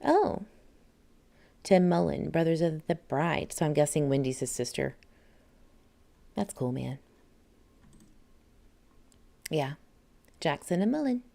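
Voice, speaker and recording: A woman's voice: low voice, expressive, unhurried, vocal fry, pauses often, warm tone. A woman with a Southern US accent hosting a casual livestream, chatting and reading viewer comments aloud with frequent laughs. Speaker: livestream host.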